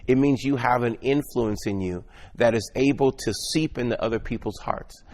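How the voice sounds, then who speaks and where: A man's voice: mid-range voice, moderate pace, a little mellow. Earnest man giving a motivational sermon. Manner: earnest, exhorting, stumbles and repeats words. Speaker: motivational Christian speaker.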